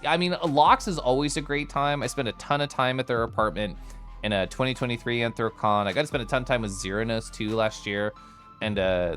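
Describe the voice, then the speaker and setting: Upbeat american guy streaming, bouncy voice that jumps all over, bit of music low behind him. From United States. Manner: energetic and chatty, giggly asides. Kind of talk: casual live-stream chat, reading chat aloud.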